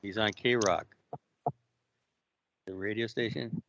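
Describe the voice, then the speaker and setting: A man's voice: fairly low pitch, slow, a bit bright, no room sound, highs cut off. Offhand man sharing trivia. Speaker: show host. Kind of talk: casual call-in chat.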